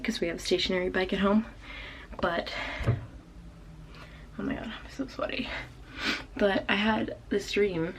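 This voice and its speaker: Gravelly-voiced teen girl vlogging. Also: on the low side, slight background noise. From Canada. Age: late teens. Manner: rambling, filler-heavy, frequent "like" and "um". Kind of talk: casual personal video diary.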